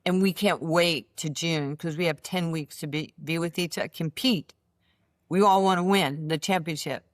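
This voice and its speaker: Casting: older woman, low voice, animated storyteller who plays out quoted dialogue, dry close sound. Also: normal speed, dry recording. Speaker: interview guest, basketball coach. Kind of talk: storytelling interview.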